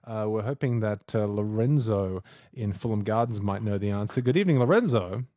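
A man's voice: on the low side, expressive, brisk, dark tone, no echo. Young aussie radio host guy, chatty, laughs a lot, dry studio mic. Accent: Australian. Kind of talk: casual radio chat with callers.

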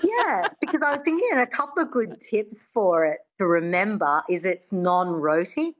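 Dialect coach drilling words. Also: female voice, medium pitch, expressive, lo-fi sound. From Australia. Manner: demonstrative, drills words slowly for the listener to repeat. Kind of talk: radio interview, teaching an accent.

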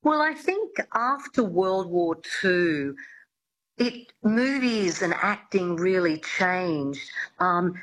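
A woman's voice: fairly low pitch, lively intonation, takes it slowly, fairly bright tone, a little hiss or hum, rough recording. A woman accent coach giving a chatty, explanatory radio interview.

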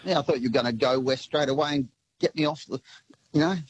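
A man's voice: medium pitch, fast talker, slightly rough, no room sound, highs cut off. A man calling in to a radio quiz, easygoing and jokey. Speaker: caller.

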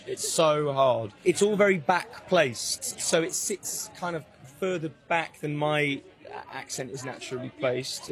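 Man, actor, candid, rueful, crowd noise behind. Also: medium pitch. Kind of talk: press interview clip.

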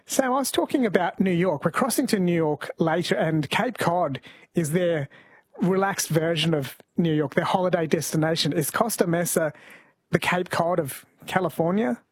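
A man's voice: sits high, normal speed, breathy edge, no room sound. A man hosting an overnight radio show, chatting casually and reading out listener messages.

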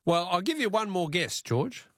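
An Australian man hosting a talkback radio quiz, chatty and quick to laugh, repeating his question to callers. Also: high voice, very animated, fairly bright tone, no echo, studio quality. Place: radio studio. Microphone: studio mic.

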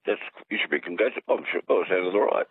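Australian man, radio caller, low husky voice, rambling, jokey, tinny phone line. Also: rapid-fire. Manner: rambling, jokey, restarts a lot.

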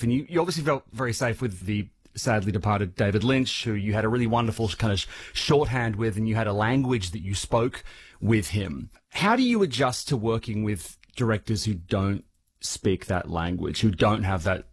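A man's voice: on the low side, lively intonation, moderate pace, breathy edge. A man interviewing an actor, asking conversational, leading questions.

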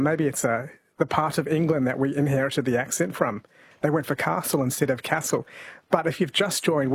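A man's voice: a little high, slightly rough, no room sound. A man hosting a radio talk show, chatting and reading out listener texts. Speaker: radio host. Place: radio studio.

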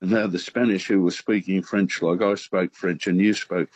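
A low-voiced man calls in to a radio show and rambles through a story. He stops and starts with fillers, heard dry and close. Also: fairly even intonation, normal speed, dry recording, rough recording. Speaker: radio caller. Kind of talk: phone-in anecdote.

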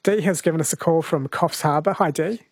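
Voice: medium pitch, brisk, husky, no echo. A radio host chatting with a guest and taking listener calls in a conversational way. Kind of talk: radio interview.

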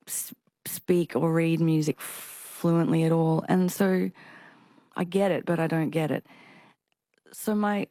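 Low-voiced woman with a stutter. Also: mellow, no room sound, clean studio sound. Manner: halting speech with repeated restarts and a stutter. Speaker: singer and performer, interview guest. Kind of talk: casual interview conversation.

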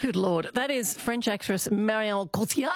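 An Australian woman comedian chatting excitedly as a radio guest. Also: medium pitch, moderate pace, dry recording, clean studio sound, faint music behind. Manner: excitable, giggly. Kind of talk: casual radio chat. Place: radio studio.

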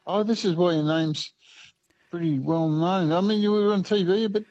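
A man's voice: high-pitched, fairly even intonation, moderate pace, darkish tone, no echo, dull audio. A man with an Australian accent calling in to a radio quiz, chatty and stumbling over his words. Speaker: caller. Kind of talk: phone-in chat.

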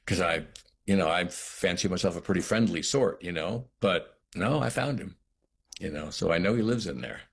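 A man's voice: low voice, normal speed, slight background noise. A middle-aged man, an actor being interviewed, reflecting thoughtfully on his work with frequent restarts and quoted asides. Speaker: actor, guest.

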